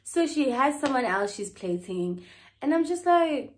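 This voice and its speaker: A woman's voice: high-pitched, big pitch swings, a little slow, heavy background noise. A young South African woman vlogging casually on her phone, chatty and laughing, slipping Zulu words into her English. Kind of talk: casual chat. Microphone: phone held by hand.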